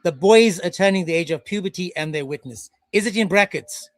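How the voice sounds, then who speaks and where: A man's voice: high voice, brisk, no echo. Brusque, insistent man in a dry booth. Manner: brusque, repeats questions insistently. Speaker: host. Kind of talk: heated debate.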